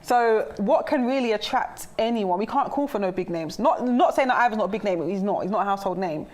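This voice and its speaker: A woman's voice: medium pitch, a little fast, darkish tone. A woman co-hosting a fan talk show, chatting casually, laughing often and reading out viewer comments. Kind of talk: casual chat.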